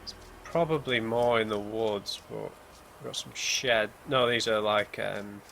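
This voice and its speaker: A man's voice: lowish voice, a little slow, creaky, fairly bright tone, slight background noise. A man thinking aloud as he plays a story game blind, musing over clues and muttering asides to himself. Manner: musing aloud, thinking things through as he explores. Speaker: let's play gamer. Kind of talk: blind let's play commentary. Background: eerie game music and hymns.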